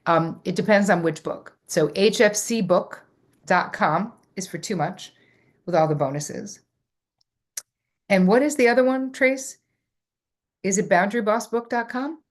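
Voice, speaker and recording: A woman's voice: mid-range voice, unhurried, pauses often. A middle-aged woman hosting a live workshop, reading out viewer comments and answering them with effusive enthusiasm. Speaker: host.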